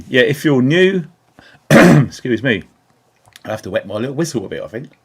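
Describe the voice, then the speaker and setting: Sitting at his computer indoors, a livestream host from England talks into a small keyboard desk mic, his mid-range voice slightly rough and swinging widely in pitch at a moderate pace. He stays upbeat and chatty, saying hi to viewers by name and using lots of ums.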